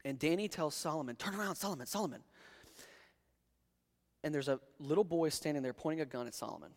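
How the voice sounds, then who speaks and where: A man's voice: on the high side, fast, a little mellow, big-room sound. A young man preaching a sermon, talking conversationally with restarts and building to emphatic peaks. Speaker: pastor.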